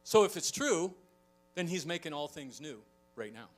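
A middle-aged man preaching a sermon as a pastor, telling stories with animated delivery and acting out quoted voices. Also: a little high, normal speed, faint music behind. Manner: animated storytelling, acts out quoted voices, chuckles often.

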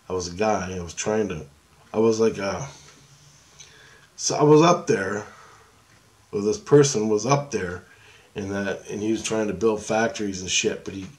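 A man with a fairly low, darkish voice casually recounts a dream. He rambles and swears, often restarting his sentences.

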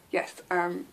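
A young English woman in her twenties, chatting casually to camera with frequent ums and little laughs. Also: a bit bright. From England. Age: 20s. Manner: chatty, giggly, lots of ums. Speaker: vlogger.

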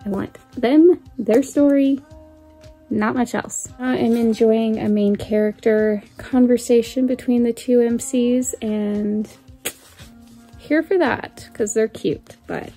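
Woman book vlogger, candid and chatty, laughs a lot, mellow tone, faint music underneath. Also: a little high, steady tone, takes it slowly. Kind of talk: casual chat to camera.

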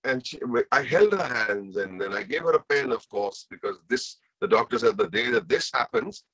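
A man's voice: medium pitch, lively intonation, normal speed, fairly bright tone, no room sound. A man with an Indian English accent telling a personal story as a guest speaker, earnest and emotional, often repeating himself.

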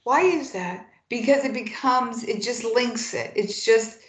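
A woman's voice: fairly high pitch, measured pace, reverberant, rough recording. A woman physician being coached over a video call, agreeing readily and repeating phrases back. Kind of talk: one-on-one coaching session.

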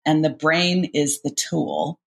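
Gravelly-voiced woman coach explaining. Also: deep voice, slow pace. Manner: animated storytelling, acts out inner voices. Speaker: cognitive behavioral coach, guest. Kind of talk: podcast interview, explaining.

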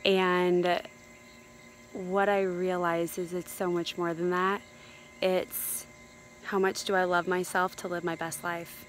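Upbeat woman with a lowish voice. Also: level tone, takes it slowly, a little hiss or hum, poor audio. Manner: upbeat, reflective, enthusiastic. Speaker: retreat guest. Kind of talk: reflective testimonial.

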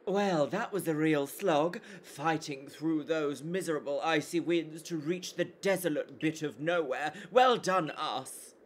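A woman's voice: sits low, a little slow, few pauses, a little hiss or hum. A weary sarcastic young guy from a game, as a streamer woman puts him on, grumbly. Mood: grumbling.

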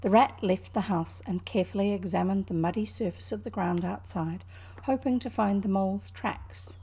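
A woman with a New Zealand accent reading a classic children's book aloud, pausing now and then to explain words to young listeners. Her voice is mellow and husky, with a gravelly edge. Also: medium pitch. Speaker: storybook reader.

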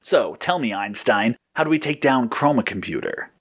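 A man's voice: medium pitch, animated, normal speed, husky. A man voicing a cocky, laid-back male hero who talks casually. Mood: breezy. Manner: casual, breezy.

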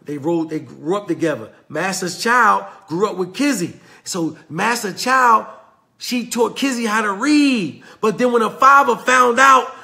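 A man with a Southern US accent giving a passionate motivational talk, retelling a story in a preachy way that swings from loud to hushed. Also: sits high, a little slow, gravelly. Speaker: motivational speaker.

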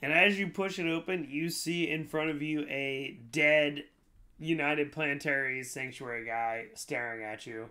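A man's voice: on the high side, unhurried, sharp tone, clear, resonant tone. A man narrating a tabletop game as game master, casual and full of fillers.

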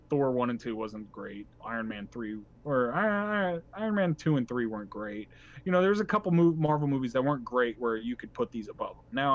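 A man's voice: mid-range voice, dull audio. A man co-hosting a podcast in casual chat, talking in an enthusiastic, rambling way with frequent restarts. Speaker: podcast co-host.

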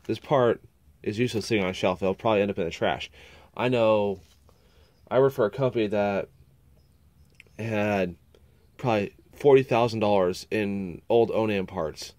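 A man's voice: on the low side, darkish tone, dry recording. A man with a cold, sounding a bit nasal, chatting casually through a small engine repair at his workbench and muttering to himself as he works. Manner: chatty, rambling, muttering while working.

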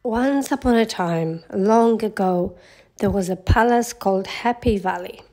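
Woman, storybook narrator, gentle read-aloud, children's tale, mid pitch. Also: a little slow.

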